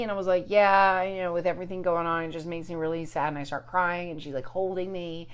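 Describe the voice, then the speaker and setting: A woman's voice: on the low side, fairly even intonation, fast, hardly any pauses, clear, resonant tone. A woman telling a story in casual chat, swearing often and acting out quotes with big jumps in her voice.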